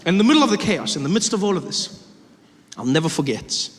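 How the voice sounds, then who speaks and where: A man from South Africa doing animated stand-up storytelling. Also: fairly high pitch, fast. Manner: animated, acting out characters. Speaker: stand-up comedian. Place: live comedy venue. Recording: theater with long reverb and audience.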